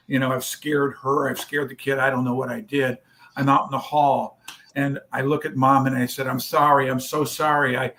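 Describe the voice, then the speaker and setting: Man, charity founder, storyteller, acts out dialogue, mid pitch. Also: fairly bright tone. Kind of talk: telling a story in a podcast interview.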